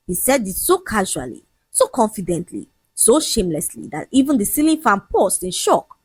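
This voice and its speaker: A woman narrates a dramatic folk tale, her pitch rising and falling in an animated way. Her voice is husky and slightly breathy. It is recorded close and dry, with no room sound. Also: normal speed, few pauses, no room sound. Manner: lively, expressive storytelling. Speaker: storyteller.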